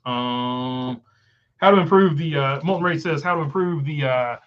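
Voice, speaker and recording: A man's voice: a little high, moderate pace, lo-fi sound. Country-accented man rambling through chat. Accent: Southern US country. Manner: filler-heavy, rambling, frequent uh. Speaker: live stream host reading chat. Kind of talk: casual live stream chat.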